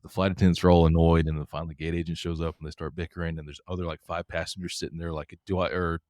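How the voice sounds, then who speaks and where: Fast-talking low-voiced man telling stories. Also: no echo, studio quality. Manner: animated, laughing, acts out quotes. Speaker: podcast co-host. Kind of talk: casual storytelling chat.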